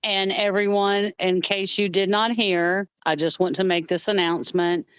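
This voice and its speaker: Smooth-voiced Southern woman co-host. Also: medium pitch, flat delivery, normal speed, no echo, muffled recording. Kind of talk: casual livestream chat.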